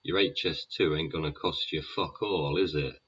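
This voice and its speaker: Deep-voiced man host, husky, swears constantly, tag questions, dull lo-fi sound. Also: normal speed, fairly bright tone. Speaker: podcast host. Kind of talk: sweary rambling monologue. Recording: dull lo-fi recording.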